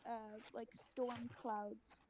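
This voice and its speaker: A woman's voice: on the high side, level tone, extremely slow, dark tone. A woman player at a tabletop game, offhand and trailing off as she talks. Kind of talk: casual chat at the game table. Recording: dull sound with faint noise.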